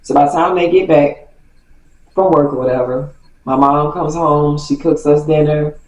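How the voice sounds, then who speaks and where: Storytime vlogger, woman: animated, self-correcting, laughs through it; roomy echo, distant mic. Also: low-pitched, normal speed, dull audio. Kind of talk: casual storytime.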